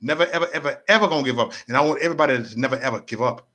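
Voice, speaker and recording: A man's voice: medium pitch, racing, pushed and bright. A man hosting a casual political livestream, speaking in a repetitive, preachy, rallying way and answering viewers' comments.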